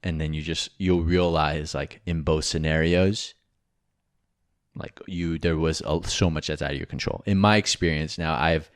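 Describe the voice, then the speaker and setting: A man's voice: a bass voice, steady tone, moderate pace, clean tone, no room sound, clean studio sound. A man co-hosting a podcast, giving rambling, frank advice with casual swearing and jokes. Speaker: podcast co-host.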